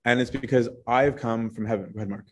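A man's voice: medium pitch, fast, slightly rough. A man leading an informal Bible study, explaining scripture in a conversational way with frequent "right?" asides and restarts.

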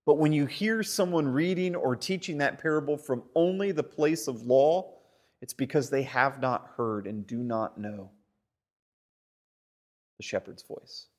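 A man preaching a sermon with animated delivery, stumbling over repeated words and often asking "right?". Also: medium pitch, unhurried. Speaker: pastor.

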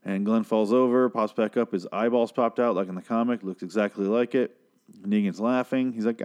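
A young man with a lowish voice rants through a TV recap. He swears freely, rambles, and drips sarcasm as he goes. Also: steady tone, normal speed, a little mellow. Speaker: TV show reviewer. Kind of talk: casual recap rant.

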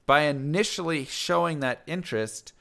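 A man talking in a casual conversation, energetic, often checking in with "right?" and acting out little quoted lines. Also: fairly high pitch, normal speed, gravelly.

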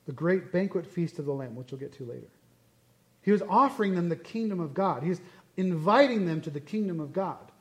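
A man teaching a Bible passage in a casual, conversational way, animated and full of asides. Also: high voice, fairly quick.

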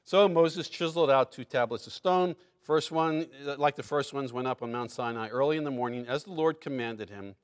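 A man preaching a sermon, reading scripture aloud with lively emphasis and breaking into asides and small laughs. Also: medium pitch, normal speed, few pauses, clean tone.

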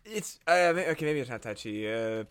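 A man's voice: mid-range voice, lively intonation, brisk, smooth. A man co-hosting a casual comedy podcast, rambling and swearing with lots of filler words. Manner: rambling, profane, heavy use of "like". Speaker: podcast co-host.

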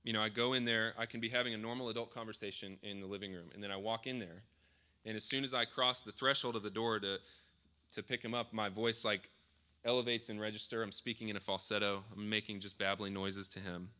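A man in his thirties preaching a sermon in a relaxed, conversational way, often pausing to rephrase himself. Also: fairly low pitch, smooth. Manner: conversational, with frequent fillers and self-corrections. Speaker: pastor.

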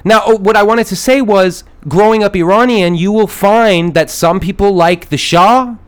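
A man's voice: sits high, moderate pace, smooth. A man hosting a podcast, riffing in character with a mock-grandiose, rambling and profane comedic rant recorded in a studio at night. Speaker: podcast host. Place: studio at night in a big city.

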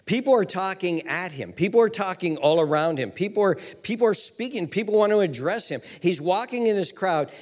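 A male preacher delivers a dramatic sermon in a high, lively voice, rising to shouts and dropping to whispers. The sound rolls with a long reverb through a church hall. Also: fairly quick, few pauses. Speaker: pastor.

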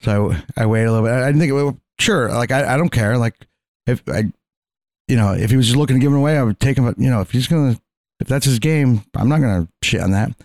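Fast-talking profane man telling stories. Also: mid-range voice, no room sound. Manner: profane, animated, quotes others in his stories. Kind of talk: casual chat, storytelling.

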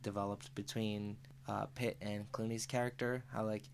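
A man's voice: lowish voice, level tone, normal speed, vocal fry, a little hiss or hum. A man talking about a movie on a casual podcast, laid back and repeating himself. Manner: laid-back, repeats words, "you know what I mean".

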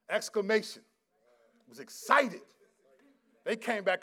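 Male pastor, fairly high pitch, lively slangy sermon with frequent laughter. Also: unhurried, long pauses. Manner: animated storytelling, laughs often, slangy.

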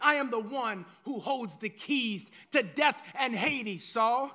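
A man preaching, voicing the risen Jesus as a majestic, commanding lord who booms out one proclamation after another. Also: animated, takes it slowly, pushed and bright, full character voice. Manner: booming, declaiming proclamations.

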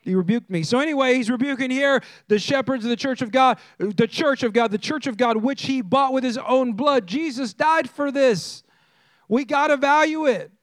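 A man preaching a sermon as a pastor, conversational and animated, who repeats phrases and throws questions at the congregation. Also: very high-pitched, moderate pace, dry recording.

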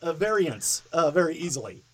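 Podcast host: man with a high voice, loud, profane and quick to laugh. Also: sing-song, a crowd in the background. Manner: crude, swearing, laughing a lot. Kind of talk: casual podcast chat.

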